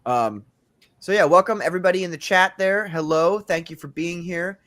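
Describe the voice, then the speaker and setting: A man with a high-sitting, slightly bright voice talks at a moderate pace while hosting a casual livestream from his home setup. He's a podcast host who chats loosely and profanely with co-hosts and reads comments from the chat aloud.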